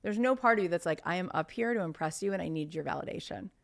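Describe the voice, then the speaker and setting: A middle-aged woman speaking as a podcast guest, talking in an animated way, acting out quotes and sometimes dropping to a whisper. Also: lowish voice, fast talker, gravelly. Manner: animated, acts out quotes, drops to a whisper for emphasis. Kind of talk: conversational podcast interview.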